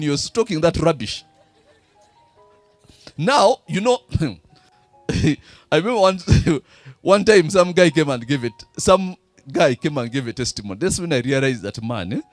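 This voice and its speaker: A man's voice: on the high side, no room sound. A man with a Ugandan accent preaching a sermon, throwing fill-in questions to the congregation. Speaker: pastor.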